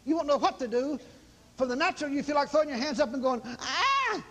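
A man's voice: extremely high pitch, quick pace, a little hiss or hum. A man preaching a sermon in a folksy, dramatic manner, acting out exclamations as he teaches.

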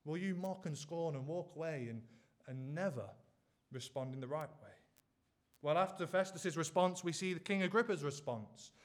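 A man's voice: on the high side, normal speed. A man preaching a sermon, pressing his listeners with earnest, repeated rhetorical questions.

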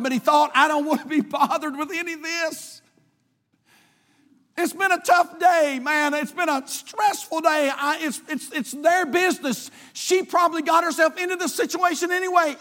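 Very high-voiced preaching man, hall echo. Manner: impassioned preaching, repeats phrases, swings loud and soft. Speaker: pastor. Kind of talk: sermon. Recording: long hall reverb.

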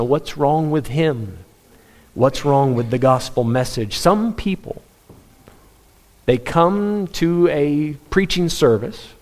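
A man's voice: mid-range voice, darkish tone. Earnest man preaching. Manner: earnest, emphatic preaching with rhetorical questions and repetition. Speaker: pastor. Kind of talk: sermon.

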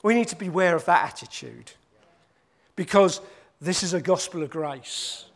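A man's voice: a little high, animated, normal speed. A man preaching a sermon. He repeats his points for emphasis and acts out the quoted voices.

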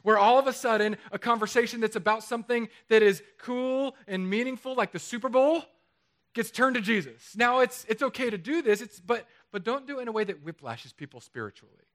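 A man preaching a sermon in a chapel, lively and conversational, with jokes. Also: very high voice, brisk. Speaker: pastor.

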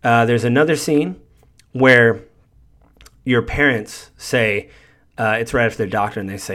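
A man with an average-pitched voice talks through a video game's story as a podcast host. His delivery is loose and conversational, and it meanders from scene to scene. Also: a little slow, pauses often, fairly bright tone. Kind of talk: casual retelling of a video game story.

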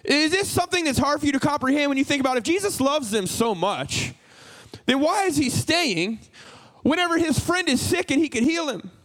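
A man preaching a sermon in a very high voice. He is animated and keeps slipping into acted-out dialogue. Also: brisk, poor audio. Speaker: pastor.

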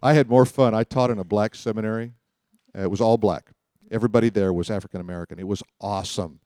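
Joking, animated male Bible teacher. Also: lowish voice, no echo, studio quality. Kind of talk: teaching sermon.

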